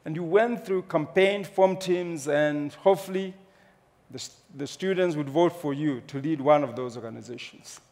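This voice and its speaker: A man with a Kenyan accent telling a humorous, animated personal story to an audience. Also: a little high, normal speed. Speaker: speaker. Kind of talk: storytelling talk on stage. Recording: long hall reverb.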